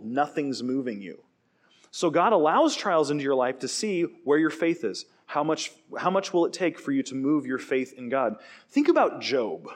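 A man preaching a sermon, telling stories in an animated way and acting out quoted lines. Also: medium pitch. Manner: animated storytelling with acted quotes. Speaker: pastor.

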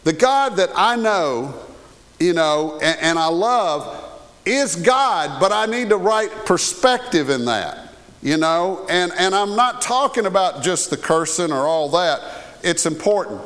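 A man's voice: high-pitched, expressive, a little slow, a bit bright. A male pastor preaching a sermon in a conversational way, often checking in with the congregation by asking "okay?". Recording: long hall reverb.

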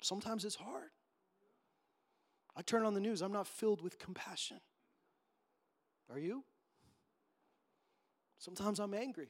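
Male pastor, high-pitched, fervent sermon delivery, acts out quotes. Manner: impassioned, emphatic preaching with acted-out quotes.

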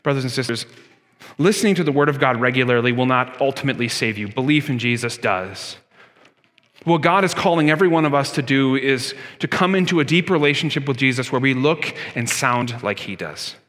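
Earnest pastor preaching, reverberant hall. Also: male voice, medium pitch, lively intonation, brisk, fairly bright tone. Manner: earnest, emphatic, many rhetorical questions. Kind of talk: sermon.

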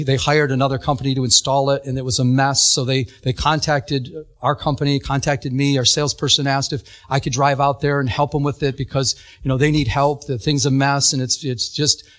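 A man preaching a sermon, telling a personal story with animated, acted-out quotes and frequent laughter. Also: medium pitch.

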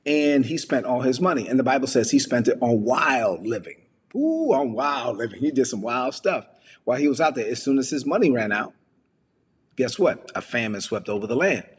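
A man preaching a sermon, retelling a parable with lively storytelling and acted-out voices. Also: mid-range voice, normal speed, breathy edge, long reverb tail. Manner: animated storytelling, acting out characters. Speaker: pastor.

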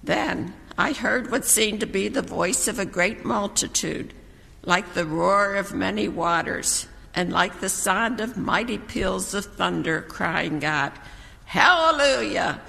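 A scripture reader giving a measured, proclaiming reading in a church. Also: medium pitch, gravelly, bright, forceful tone. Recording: church hall reverb.

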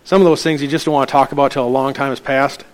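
A man's voice: mid-range voice, fairly even intonation, fast talker. A middle-aged man, a pastor telling a personal story from the pulpit in a sermon and acting out the dialogue.

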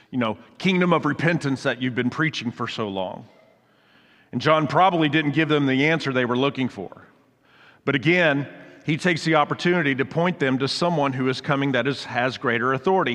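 Male pastor, mid-pitched, chatty sermon delivery, long room reverb. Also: a bit bright. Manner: conversational, explains scripture with asides.

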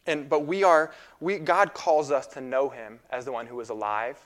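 A young man in his twenties preaching a sermon in a casual, halting way, with fillers and repeated phrases. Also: medium pitch, fairly even intonation, fairly bright tone.

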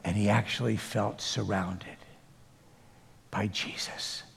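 A man preaching a sermon as pastor, telling a story slowly and earnestly, with quoted dialogue. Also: lowish voice, fairly even intonation, gravelly, fairly bright tone, big-room sound, a little hiss or hum.

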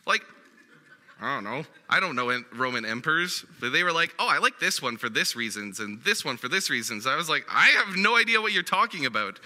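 Animated young-sounding male preacher, bright voice. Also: on the high side, long reverb tail. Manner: conversational, animated preaching with casual fillers. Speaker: guest preacher. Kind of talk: sermon. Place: church hall.

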